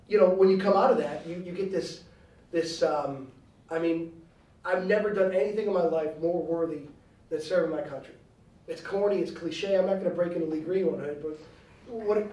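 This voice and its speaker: A man's voice: high-pitched, warm tone, roomy sound, distant mic, low-quality recording. A man giving a blunt, joking and combative speech to students at a university. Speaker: guest speaker. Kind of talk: animated campus speech. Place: university lecture hall.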